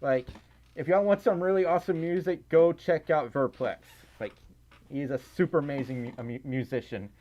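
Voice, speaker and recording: Young male streamer, highish lively voice, giggly and breathless, rambling casual chat, muffled lo-fi stream audio. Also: moderate pace. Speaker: livestreamer reading donations. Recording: slightly dull lo-fi stream audio.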